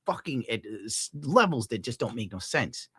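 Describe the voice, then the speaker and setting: A man ranting casually on his stream at home, swearing, laughing often and scolding his dog loudly between points. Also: mid-range voice, very animated, normal speed, husky, dry recording, studio quality. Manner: profane, rambling, laughs often. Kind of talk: casual rant on a live stream.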